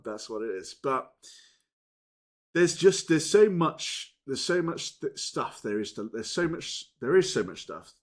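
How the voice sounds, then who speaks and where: Rambling casual male gaming vlogger. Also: lowish voice. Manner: rambling, with frequent restarts and casual swearing; talks straight to viewers, swinging between loud and muttered. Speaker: gaming channel host. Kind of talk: casual unscripted chat to camera.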